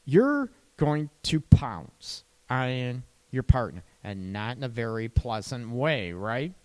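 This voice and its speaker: A man's voice: mid-range voice, very animated, darkish tone, smooth. A man who works as a couples therapist, giving relationship advice in a conversational way and often checking in with "right?". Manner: slow, conversational, tags lines with "right?".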